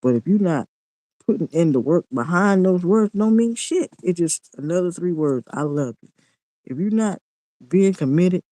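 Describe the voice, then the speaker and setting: A man's voice: high-pitched, warm tone, dry recording, low-quality recording. A man, ranting in a casual monologue vlog, blunt and preachy and repeating himself.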